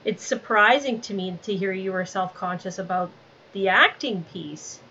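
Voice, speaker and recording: A woman's voice: medium pitch, moderate pace, bright, forceful tone. A woman interviewer asking thoughtful, encouraging questions in a casual conversation. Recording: slightly dull audio with faint background noise.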